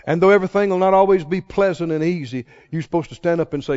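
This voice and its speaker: A man preaching a sermon dramatically, asking the congregation questions and swinging between loud exclaims and hushed lines. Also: a little high, quick pace. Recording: dull lo-fi sound.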